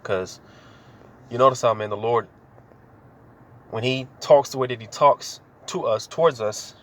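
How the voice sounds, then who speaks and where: A man's voice: medium pitch, measured pace. Laid-back man teaching scripture. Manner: laid-back, slangy, full of "man" and "you know" fillers. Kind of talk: informal scripture reading and commentary.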